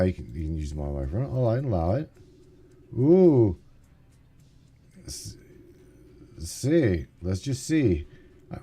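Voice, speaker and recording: Lively rambling male stream host. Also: medium pitch. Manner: rambling, swearing, bursts of exasperation. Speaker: podcast host. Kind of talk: casual live-stream call-in chat.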